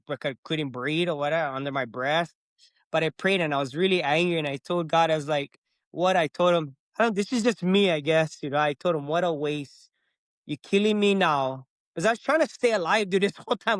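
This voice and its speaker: Animated and casual, a middle-aged podcast guest tells a story from his own life, performing the things he said at the time. His voice sits on the high side, and there's no room sound.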